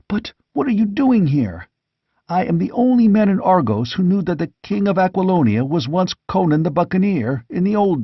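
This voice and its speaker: A fearful, wealthy merchant , put on by a male narrator, who begs and frets in a raised, anxious voice. His words come hushed and pleading. The audiobook recording is dry and a little dull. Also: on the high side, breathy edge, no room sound, voice pushed up, heavily acted.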